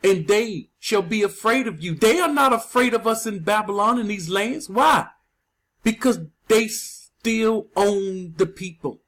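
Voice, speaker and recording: A man preaching a scripture teaching, stressing key words with slow, drawn-out emphasis. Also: high-pitched, expressive, fairly bright tone.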